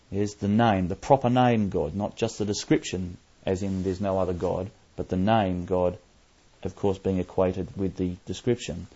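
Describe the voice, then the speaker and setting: A man with a low, mellow voice delivers a Bible study sermon from scripture. He is emphatic, slowing and repeating key phrases for weight. The recording is muffled and lo-fi. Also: steady tone. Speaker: Bible teacher.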